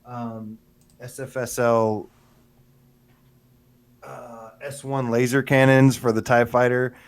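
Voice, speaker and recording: Man, mid-pitched, enthusiastic, rambling, dry close mic, livestream chat. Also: flat delivery, takes it slowly, dry recording. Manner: enthusiastic, rambling, many fillers. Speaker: podcast co-host.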